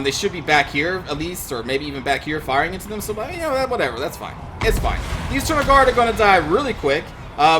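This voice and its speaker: A man giving gameplay commentary as a channel host, ranting in exasperation and swearing often. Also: high voice.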